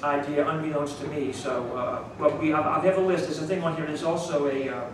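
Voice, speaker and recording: A man's voice: a little high, fairly even intonation, fairly quick. A man with a New Orleans accent, an author chatting casually with a small audience, rambling and chuckling as he restarts his sentences. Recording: echoey room miked from a distance, noise.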